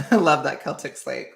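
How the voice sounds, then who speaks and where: In a casual livestream chat, this nervous, jittery streamer rambles to viewers and laughs a lot. The voice is medium in pitch and a bit bright.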